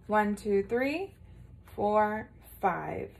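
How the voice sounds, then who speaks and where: A woman's voice: medium pitch, lively intonation, very slow, gravelly, slight background noise. A woman teacher giving a recorded lesson to young children, patient and encouraging, often checking in with a "right?".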